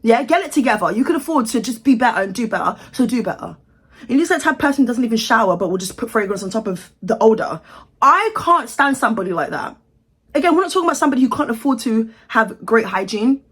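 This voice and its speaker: A woman's voice: a little high, lively intonation, fast talker, fairly bright tone, husky. A young British woman from the UK giving sassy, outraged celebrity commentary in a casual vlog, with exaggerated reactions. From United Kingdom. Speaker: commentary vlogger.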